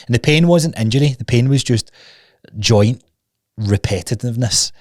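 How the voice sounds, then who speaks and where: A man hosts his own podcast in a recording studio, telling a personal story candidly and ramblingly, restarting sentences and swearing casually. His mid-range voice moves at normal speed, recorded dry with clean studio sound.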